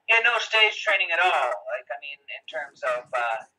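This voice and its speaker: A man's voice: a little high, big pitch swings, moderate pace, bright, forceful tone, poor audio. A man as an interview guest on a video call, explaining things in a casual, hesitant way with many fillers and restarts.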